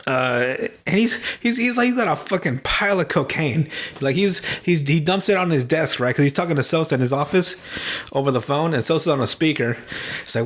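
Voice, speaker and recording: Podcast host, young man, slightly high voice, loose and giggly, swears freely, acts out scenes. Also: expressive. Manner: laughing, profane, retells scenes with quick impressions. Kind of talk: casual movie recap.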